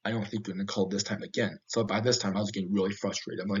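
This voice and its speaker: A man narrates first-person horror tales with a husky, slightly low voice. He talks haltingly, backing up and restarting his sentences. The recording sounds dull and lo-fi. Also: little pitch movement. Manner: halting, with frequent restarts and fillers.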